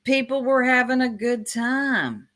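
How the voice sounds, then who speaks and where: A woman's voice: a little high, a little slow, a bit bright. A woman from Tennessee with a Southern accent, gossiping bluntly on a casual livestream and laughing often. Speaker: streamer.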